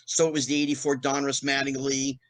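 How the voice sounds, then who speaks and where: A middle-aged man, a podcast guest, telling anecdotes in a lively way and acting out the voices of people he quotes. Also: mid-range voice, a little fast, poor audio. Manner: animated, acts out quoted voices. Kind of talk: anecdotal storytelling.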